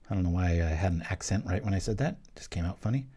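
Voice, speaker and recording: A young man hosting his channel, giving casual live commentary on a card game he is playing, thinking aloud with quick jokes and small exclamations. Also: sits low, lively intonation, mellow, breathy edge, dull audio.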